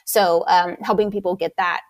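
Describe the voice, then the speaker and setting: A woman's voice: lowish voice, steady tone, moderate pace, no echo. A woman movement instructor explaining her method in an interview, eager and detailed.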